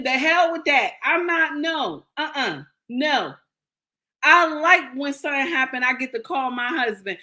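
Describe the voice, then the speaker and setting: A woman's voice: high voice, lively intonation, unhurried, pushed and bright. An older woman, giving sassy, preachy commentary to her viewers. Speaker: commentary vlogger. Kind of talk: casual opinion commentary.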